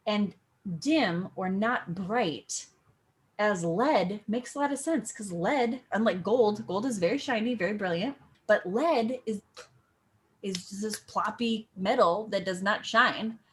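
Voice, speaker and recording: A young woman teaching acting, explaining a monologue line by line in a playful, animated way and punching key words for emphasis. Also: mid-range voice, unhurried, a little hiss or hum.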